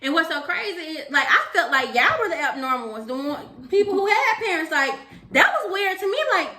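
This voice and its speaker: Bright, lively woman. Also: very high voice, fairly quick. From Alabama, US. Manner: animated, laughing storyteller. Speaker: co-host. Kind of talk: casual chat. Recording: roomy echo.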